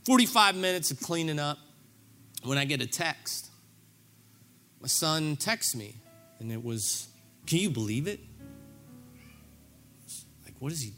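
A man's voice: fairly high pitch, lively intonation, unhurried, pauses often, sharp tone, soft background music. A middle-aged man preaching a sermon, telling a story with self-deprecating humor and acting out his own reactions. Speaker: pastor.

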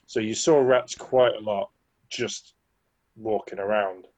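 A man's voice: lowish voice, fairly even intonation, slow pace, darkish tone. A man from England co-hosting a podcast, telling a rambling story with chuckles and restarts. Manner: rambling, self-correcting, chuckling. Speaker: podcast co-host. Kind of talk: casual chat, storytelling.

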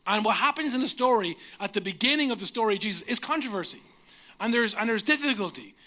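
High-voiced Irish pastor telling jokes. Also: male voice, expressive, quick pace, bright, forceful tone. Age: 30s. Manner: self-mocking, humorous storyteller. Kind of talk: sermon with personal stories.

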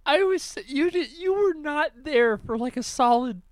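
A man's voice: extremely high pitch, animated, unhurried, no room sound. A teenage man in casual chat, telling stories between bursts of wheezing laughter. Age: late teens.

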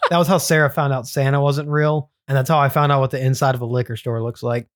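A man's voice: medium pitch, fairly even intonation, quick pace. A man co-hosting a podcast who tells a story in a rambling, casual way and often laughs as he goes. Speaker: podcast co-host.

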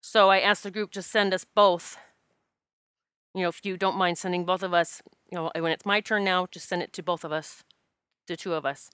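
A woman's voice: fairly low pitch, moderate pace, clean tone, dry recording, clean studio sound. A woman who practises Reiki, telling a personal story in a candid, emotional, casual way and acting out what people said. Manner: emotional, candid, animated quoting of herself.

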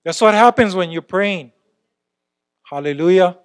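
A man preaching a sermon as a church elder, talking emphatically and swinging between loud exclamations and quiet asides. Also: high voice, expressive, a little slow.

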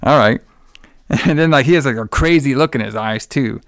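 Smooth, dry-voiced man telling a story. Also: medium pitch, fairly quick, dry recording. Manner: profane, laughs often, rambling storyteller. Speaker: podcast co-host recapping a movie. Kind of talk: casual chat.

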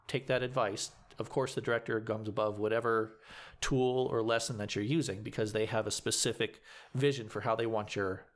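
A man, a community theater actor giving advice in a casual interview, earnest and explanatory with frequent restarts. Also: fairly low pitch.

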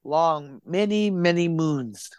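Man, podcast host, fairly high voice, dry close sound, enthusiastic, swears a lot. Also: expressive, takes it slowly, darkish tone, clear, resonant tone, no echo. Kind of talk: casual chat. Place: Nova Scotia home recording.

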